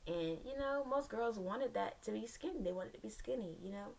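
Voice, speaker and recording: A woman's voice: mid-range voice, expressive, a little fast, gravelly, a little hiss or hum. A young woman telling a personal story to her viewers in a candid, rambling way, with sassy asides. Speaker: vlogger.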